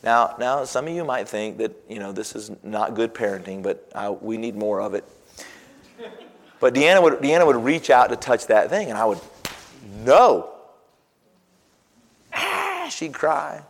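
A man preaching a sermon, telling homey stories and swinging from soft, low asides to loud, exclaiming passages. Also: animated, moderate pace. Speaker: pastor.

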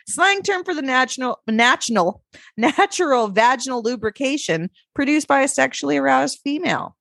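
A woman co-hosting a podcast, chatting casually with a fairly high voice. She laughs often and swears freely. Her sound is close and dry, with no room echo. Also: expressive, normal speed, creaky, fairly bright tone. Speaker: podcast co-host. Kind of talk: casual chat. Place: remote call.

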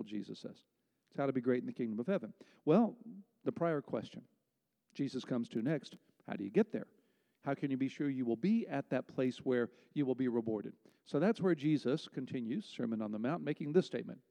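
A pastor preaching a sermon, conversational and emphatic, with rhetorical questions to the congregation. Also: male voice, medium pitch, mellow, long reverb tail.

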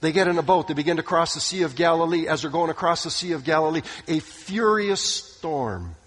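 A man preaching a sermon, retelling stories with dramatic delivery, sometimes dropping to a hushed voice. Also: a little high, animated, brisk. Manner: dramatic storytelling, acting out quoted voices, drops to hushed tones. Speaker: pastor. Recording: long hall reverb.

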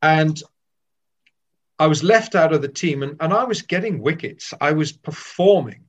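An older man from Wales recalls his playing days in a candid, animated way, often restarting his sentences. His voice sits a little high for a man. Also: moderate pace. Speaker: former cricketer. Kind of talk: reminiscing storytelling.

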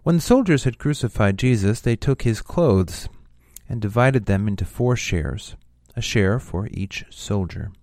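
A man reading a Gospel passage aloud in a measured, steady way. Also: on the low side, no echo, studio quality. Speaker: scripture reader.

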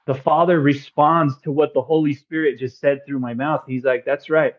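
A man guest on a podcast, telling a personal faith story in an earnest, excitable way with casual slang. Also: on the high side, moderate pace, muffled recording. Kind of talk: casual testimony chat.

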